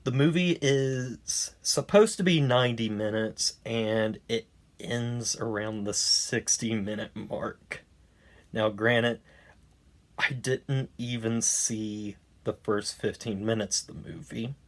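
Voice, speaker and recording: A man's voice: on the low side, slow pace. A man giving a casual, rambling movie review, wry and sarcastic, with many fillers and restarts.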